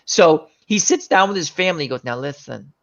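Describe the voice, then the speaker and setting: Man, casual chat host, rambling storyteller, searches for names, bright tense voice, slightly dull lo-fi audio. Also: sits high, lively intonation, fast. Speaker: show host. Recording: dull lo-fi sound.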